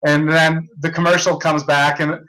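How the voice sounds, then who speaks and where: Brief: young male podcast host, tense and bright in tone, higher than average, rambling agitated storyteller. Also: little pitch movement, normal speed, low-quality recording. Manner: agitated, repetitive storytelling with many restarts. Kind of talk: casual rant.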